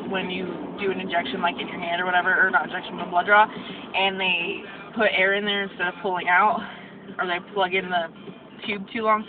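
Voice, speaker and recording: A young woman venting about her medical assistant class in a vlog, ranting and acting out what others said. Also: lowish voice. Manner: ranting, acts out quoted people. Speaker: medical assistant student vlogger. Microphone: phone camera. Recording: tinny phone audio with noise.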